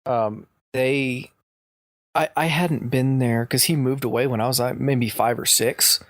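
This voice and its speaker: A man co-hosting a podcast in casual chat who talks eagerly in quick bursts and swears offhandedly. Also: medium pitch, steady tone, no room sound, studio quality. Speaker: podcast co-host.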